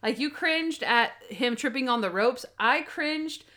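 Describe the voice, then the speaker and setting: A woman's voice: sits high, unhurried. A woman co-hosting a casual podcast, reviewing a TV episode with lots of fillers and acted-out quotes. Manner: animated, acts out quotes, many fillers. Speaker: podcast co-host.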